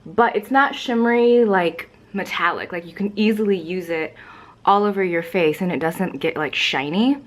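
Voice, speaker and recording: A woman's voice: fairly low pitch, moderate pace. A young woman chatting casually to camera at home about makeup, rambling with lots of fillers and a little out of breath. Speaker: beauty vlogger.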